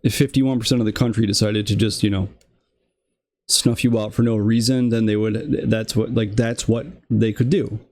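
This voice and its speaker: A man's voice: on the low side, steady tone, normal speed, a little mellow. A young man hosting a political commentary show, delivering a casual, exasperated rant full of fillers and restarts.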